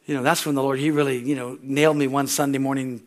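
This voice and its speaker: An older male pastor, preaching a sermon in an animated storytelling way, acting out dialogue and laughing often. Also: medium pitch, quick pace.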